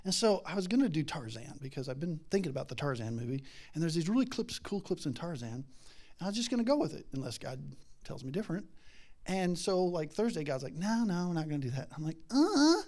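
A man's voice: on the high side, very animated, fairly quick, darkish tone. A middle-aged man preaching a casual sermon, chatty and rambling, laughing often and acting out voices in his stories. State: has a daughter.

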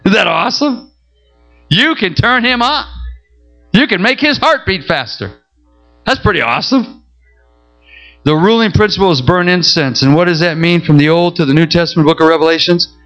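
A middle-aged male pastor preaching a sermon, telling a story with animated, emotional pleading. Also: high voice, normal speed, long pauses, muffled recording, faint music behind.

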